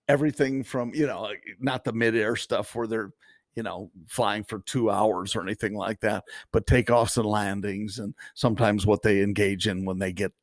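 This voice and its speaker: A man's voice: fairly low pitch, dry recording. A man co-hosting a podcast, chatting casually, laughing often and trailing off at the ends of thoughts. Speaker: podcast co-host. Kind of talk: casual chat.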